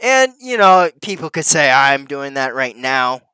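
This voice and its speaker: A man's voice: medium pitch, sing-song, measured pace, pushed and bright, clear, resonant tone, no echo. A man reacting to news clips with profane, sneering commentary.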